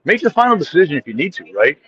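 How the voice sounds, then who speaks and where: A man's voice: a little high, very fast, highs cut off. A man, a podcast guest, telling stories in a casual chat, acting out quotes and restarting sentences often. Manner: animated storyteller acting out quotes, frequent restarts.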